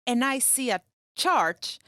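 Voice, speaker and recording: Animated, teasing woman, higher voice. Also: slow pace, smooth, dry recording, clean studio sound. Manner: animated, acts out dialogue, teasing. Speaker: podcast co-host. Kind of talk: casual storytelling chat.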